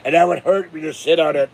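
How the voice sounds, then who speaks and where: A man's voice: a little high, vocal fry, a little hiss or hum. A man hosting his own vlog in a rambling, jokey, casual way. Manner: rambling, jokey, breaks into growled pirate shouts. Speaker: channel host.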